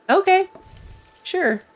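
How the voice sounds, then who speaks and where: A woman with a stuffy nose from allergies gives casual let's-play commentary. She thinks aloud as she plays, reads game text, and laughs at herself. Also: very high-pitched. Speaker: gamer. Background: game music.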